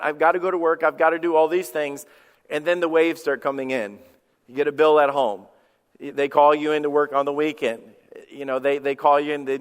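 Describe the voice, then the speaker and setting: A male pastor preaching in a church sanctuary, his fairly high voice trailing off into a long hall reverb. He talks in a loose, conversational way, repeating words and drifting into personal stories. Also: a bit bright. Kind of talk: sermon.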